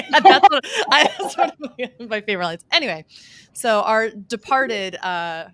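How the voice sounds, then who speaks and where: A woman's voice: mid-range voice, very animated, moderate pace, fairly bright tone, no echo. A woman in her thirties, co-hosting a podcast, who chats and explains at length with lots of fillers. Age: 30s. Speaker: podcast co-host. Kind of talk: casual chat.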